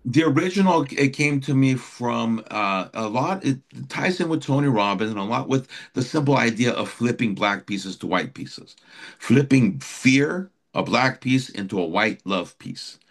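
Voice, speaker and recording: A man's voice: mid-range voice, animated, unhurried. A middle-aged man, an author and life coach, telling a personal story as a podcast guest in an earnest, reflective way and acting out his own inner thoughts. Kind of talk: conversational storytelling.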